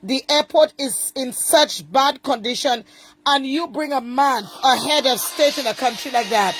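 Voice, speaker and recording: A woman's voice: high voice, measured pace, a little hiss or hum. A woman giving casual, indignant commentary from home and repeating her points for emphasis. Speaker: online commentator.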